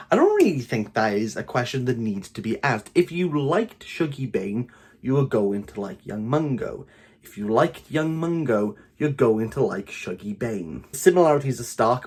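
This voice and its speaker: A Welsh man reviews a book in a vlog, offering strong opinions in animated, exasperated bursts. His voice is mid-range and husky.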